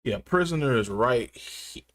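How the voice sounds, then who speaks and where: A man's voice: medium pitch, lively intonation, a little slow, a bit bright. A man live-streaming from his gaming chair at home, chatting casually with viewers, joking and laughing often.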